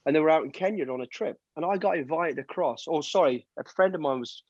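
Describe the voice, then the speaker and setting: A fast-talking ex-soldier with a fairly high voice shares army stories as the guest of a video-call storytelling interview. Wearing earbuds, he acts out characters and swears casually; the audio is dull and dry.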